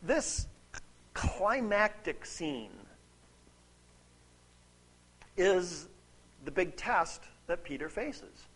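A man preaching a sermon, conversational and animated, often checking in with "right?" and reading scripture aloud. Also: high voice, drawn-out words, husky. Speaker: pastor.

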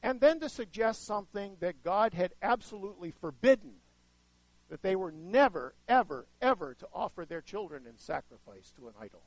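A man preaching a sermon to a live audience, chatting with them and asking questions, with sudden swings in loudness as he acts out voices. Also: high voice, lively intonation, moderate pace, no echo, rough recording. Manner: conversational, asks the audience questions; dramatic shifts in loudness, acts out quoted voices.

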